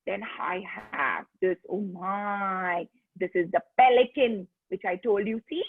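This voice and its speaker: A woman's voice: mid-range voice, steady tone, unhurried, breathy edge. A woman teaching a preschool class online, coaxing the children with constant simple questions. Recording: tinny phone-like call audio.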